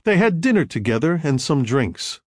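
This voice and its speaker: A man narrating a novel as an audiobook, in measured, expressive storytelling. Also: a little high, dry recording, studio quality. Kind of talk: scripted narration.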